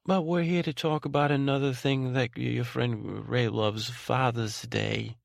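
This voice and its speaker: A rambling, sentimental grown man who loses his train of thought, repeats himself and trails off in a slightly gravelly, middle-pitched voice, as a man puts him on. It is a drowsy bedtime monologue, recorded close and dry. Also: fairly even intonation, a little slow, no room sound. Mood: tender. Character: rambling, tenderhearted adult man named Ray. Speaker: podcast host in character.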